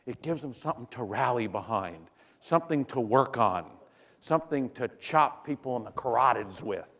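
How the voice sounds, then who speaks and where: A man's voice: medium pitch, expressive, normal speed, a bit bright. A middle-aged man speaks at a conference in a mid-range voice. He jokes, tells stories and keeps turning to the audience with questions. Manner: joking storyteller who questions the audience. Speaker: physician speaker. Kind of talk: conference talk.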